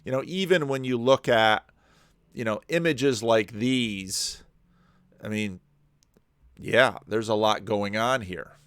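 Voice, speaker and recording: A man pausing a video to comment on it, rambling and restarting his sentences often. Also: on the low side, a bit bright, clear, resonant tone, no room sound. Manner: digressive, frequent restarts and repeated words.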